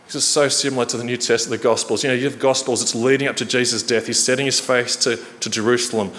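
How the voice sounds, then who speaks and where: A man preaching a sermon in a church hall, earnest and storytelling, slowing and quickening for emphasis. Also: medium pitch, fairly even intonation, fairly bright tone. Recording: reverberant hall, faint noise.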